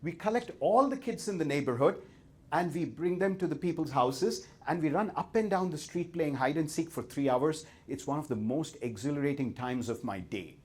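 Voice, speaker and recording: Indian guy putting on a laid-back fisherman, husky voice, easygoing storytelling. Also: on the high side, animated, moderate pace, darkish tone. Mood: contented. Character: contented carefree Mexican fisherman, man.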